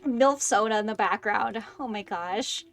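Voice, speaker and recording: A woman in her twenties chatting excitedly on a gaming livestream, making self-deprecating asides into a close desk microphone. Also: mid-range voice, normal speed, no room sound. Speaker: streamer. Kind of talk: casual gaming livestream chat.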